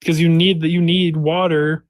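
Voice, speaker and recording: A man in a casual voice-chat debate, explaining his point slowly and repeating himself step by step. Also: on the high side, little pitch movement, dry recording. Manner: slow, repetitive explaining, drawing out words.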